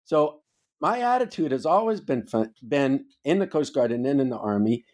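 The guest on this casual podcast is an older man who used to be a Coast Guard officer, and he tells his stories with plenty of swearing and emphasis. His medium-pitched, slightly mellow voice is very animated, moving at a moderate pace.

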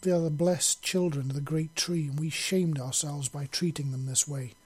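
A man's voice: fairly high pitch, steady tone, moderate pace, darkish tone, slightly rough. A man reading an audiobook, voicing an emotional female serpent-folk regent in a raised, exclaiming voice. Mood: earnest.

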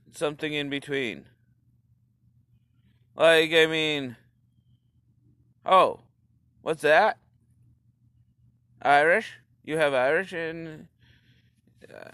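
A man's voice: on the high side, takes it slowly, pauses often, a bit bright, no room sound. A man doing a rambling, crude comedic rant and swearing freely. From Canada.

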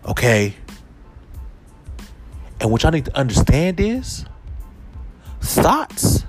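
This podcast host's rant is comedic and easygoing, his voice bouncing up and down. Animated, he varies pitch and loudness and at moments drops to a low, put-on tone.

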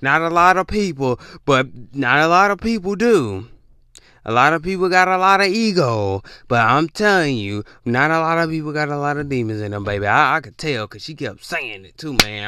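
A man preaching in a loose, animated monologue. His voice is fairly high and bright and sounds close and dry. He draws words out and keeps repeating himself for emphasis. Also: moderate pace, clear, resonant tone, no echo. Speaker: podcast host. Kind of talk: casual spiritual monologue.

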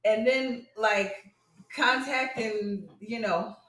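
A woman's voice: slow pace, reverberant. A woman chatting casually, telling stories with lots of laughter and acting out the quotes. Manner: animated storyteller, laughs often, acts out quotes in a high voice. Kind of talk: casual chat.

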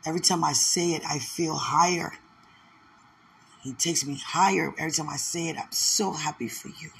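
A man giving an emotional live prophetic word of encouragement, repeating phrases and rising into excited exclamations. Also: moderate pace, creaky, husky. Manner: emotional, repetitive, building to excited high exclamations.

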